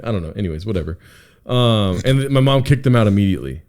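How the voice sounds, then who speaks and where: A man's voice: medium pitch, quick pace, clear, resonant tone. A man co-hosting a podcast in casual chat, telling stories with acted-out quotes and frequent laughter. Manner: animated storyteller, acts out quotes, laughs often. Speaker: podcast co-host.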